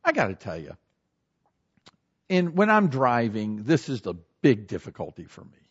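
A man preaching a sermon as a pastor, animated and acting out everyday scenes in shifting voices. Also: mid-range voice, moderate pace, breathy edge, lo-fi sound.

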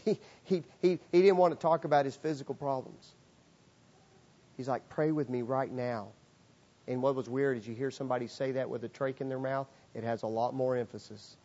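A man's voice: mid-range voice, fairly even intonation, normal speed, pauses often, warm tone, dull audio. A man preaching a sermon, earnest and emphatic, repeating key phrases for weight. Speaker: pastor.

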